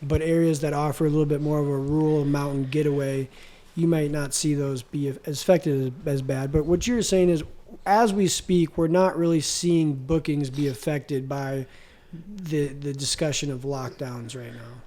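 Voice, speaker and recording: Mellow, higher-voiced man musing. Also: steady tone, moderate pace. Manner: reflective, hesitant, repeats words. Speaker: co-host. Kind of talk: casual business podcast chat.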